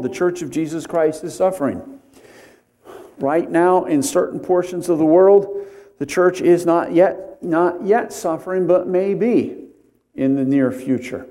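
A man preaching an expository sermon, deliberate and conversational, pausing to stress key words and drifting into homely asides. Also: on the high side, mellow.

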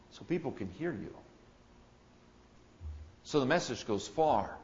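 A man's voice: medium pitch, expressive, measured pace, long pauses, highs cut off. Preacher man with swelling, emphatic delivery. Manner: swings from soft musing to loud proclaiming. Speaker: pastor. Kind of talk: expository sermon.

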